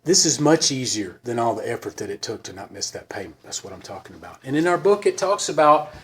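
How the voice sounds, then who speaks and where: A man speaking to a recovery group in a halting, earnest way, often pausing to search for words. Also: mid-range voice, big pitch swings, a little hiss or hum. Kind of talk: personal recovery talk to a group.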